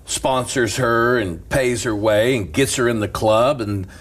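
A man's voice: medium pitch, unhurried, husky. A middle-aged man, a preacher, telling a story in casual chat and quoting the people in it. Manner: animated storyteller, quotes others, laughs often. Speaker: preacher and talk show guest.

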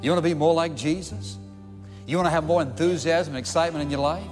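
A man's voice: a little high, steady tone, quick pace, darkish tone, long reverb tail, soft background music. A man preaching a sermon, emphatic, with repeated rhetorical questions. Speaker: pastor.

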